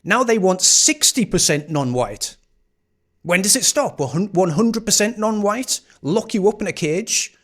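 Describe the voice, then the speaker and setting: A man's voice: sits high, expressive, measured pace, fairly bright tone. A man hosting a live stream, reacting to clips in casual, sarcastic commentary with frequent swearing.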